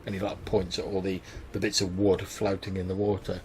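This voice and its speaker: A man narrating as game master over an online call in a casual, halting way. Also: low voice, completely flat delivery, a little mellow, slight background noise.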